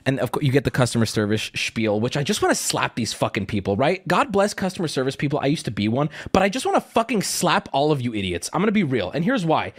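A male streamer ranting casually, exasperated and swearing, sometimes shouting. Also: medium pitch, sing-song, quick pace, few pauses, breathy edge. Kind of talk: casual rant.

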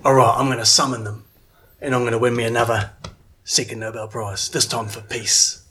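A man playing a gruff male action star, muttering in awe about eels. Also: mid-range voice, moderate pace, bright, forceful tone, lightly acted. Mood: awestruck.

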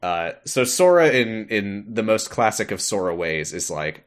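Guy with a lowish voice chatting about a game he played, laughs a lot, does goofy voices for the characters. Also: very animated, a little slow, hardly any pauses. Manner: laughs often, puts on cartoon voices when quoting. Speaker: podcast co-host. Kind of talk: casual game recap chat.

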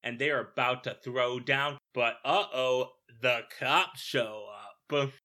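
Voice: mid-range voice, takes it slowly, sharp tone. A podcast co-host giving wry, opinionated commentary while recapping a film in casual chat.

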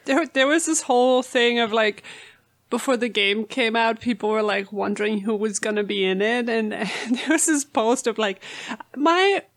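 A woman's voice: fairly high pitch, normal speed. A woman co-hosting a casual book chat, retelling the plot and laughing often. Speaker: podcast co-host.

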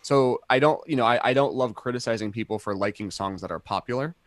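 A man's voice: mid-range voice, fast, dry recording. A young adult man co-hosting a casual podcast chat, rambling enthusiastically with many fillers and restarts. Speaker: podcast co-host.

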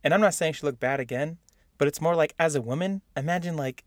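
A man's voice: fairly high pitch, quick pace, no echo, studio quality. Chatty man co-hosting a podcast. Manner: chatty, laughs often, many restarts. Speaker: podcast co-host. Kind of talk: casual chat.

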